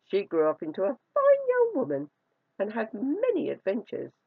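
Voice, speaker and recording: Lively, gravelly fairy-tale storyteller. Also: mid-range voice, no echo. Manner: expressive, drawn-out storytelling. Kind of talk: fairy tale read-aloud. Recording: dry, dull lo-fi recording.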